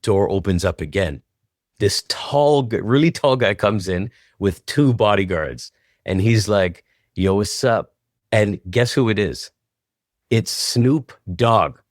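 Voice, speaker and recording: Low-voiced man telling a lively story. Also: takes it slowly, no room sound, studio quality. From Canada. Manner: acts out both sides of old phone calls, voice jumping up when excited. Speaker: guest choreographer. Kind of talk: animated storytelling in an interview.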